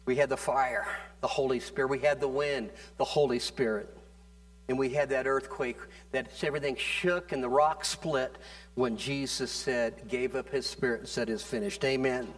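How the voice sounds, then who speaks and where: A man's voice: mid-range voice, fairly even intonation, normal speed. A man preaching a sermon, emphatic and repetitive, drawing out key phrases and calling for "amen" from the congregation. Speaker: pastor.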